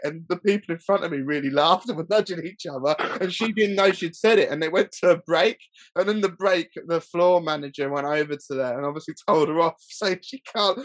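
A man's voice: high voice, no echo. A man telling stories in a casual chat, stop-start and laughing often. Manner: rambling, stop-start storytelling with frequent laughs. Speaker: guest filmmaker.

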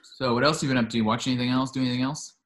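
Podcast guy chatting away, mid voice, gets excited retelling stuff. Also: medium pitch, very fast. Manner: chatty, enthusiastic, retells scenes at length. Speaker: podcast host. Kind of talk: casual podcast chat.

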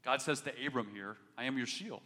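A fairly quick, mid-range male voice, bright and forceful, carries this pastor's earnest preaching. His intensity climbs when he urges, his words often begin again, and the recording has a long hall reverb.

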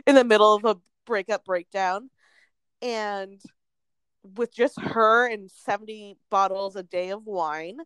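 A young woman gossiping in a casual chat, full of "like" and quick asides. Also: medium pitch, a bit bright, clear, resonant tone, no echo. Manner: chatty, lots of "like", laughs often.

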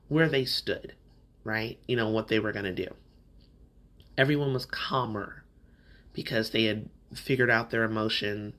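A man with a bright, forceful voice shares a personal story on his podcast. He talks candidly and reflectively, in a loose conversational flow. His pitch sits in an ordinary middle range for a man. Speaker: podcast host.

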